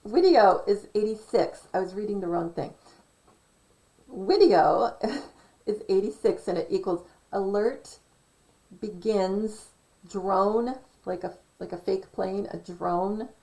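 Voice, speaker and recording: Woman vlogger, slow and gravelly, digressive, keeps correcting herself mid-thought. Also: mid-range voice, a little mellow, low-quality recording. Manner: self-correcting, digressive, reads from notes. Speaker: conspiracy vlogger. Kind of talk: casual rambling commentary.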